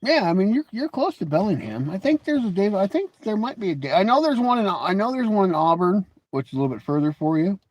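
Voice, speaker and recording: A man's voice: sits high, sing-song, fast talker, hardly any pauses, muffled recording. Teasing, laughing man hosting a live stream. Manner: mocking and teasing, laughs often, repeats words as he starts. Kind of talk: casual live stream chat, replying to viewers.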